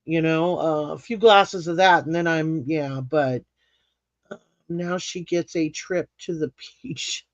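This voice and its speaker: Hosting a craft stream live, this woman reads comments and chats loosely, laughing a lot and rambling through restarts. Her voice sits low and she speaks slowly, in dry, slightly muffled audio with no room sound.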